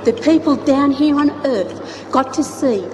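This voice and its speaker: A woman telling a traditional story in an expressive, rhythmic style with repeated phrases. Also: high-pitched, measured pace, background noise. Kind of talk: oral storytelling. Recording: echoey hall with music behind.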